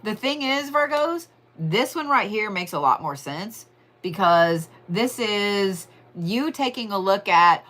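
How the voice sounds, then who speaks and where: Chatty, bright-voiced woman reading cards. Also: medium pitch, lively intonation. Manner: chatty, profane, drawn-out emphasis. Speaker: tarot and astrology reader. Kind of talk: casual weekly horoscope reading.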